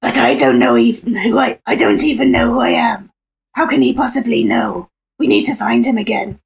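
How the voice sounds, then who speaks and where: A woman's voice: a little high, moderate pace, gravelly. A woman player speaking in character in a tabletop game, urgent with a raised voice.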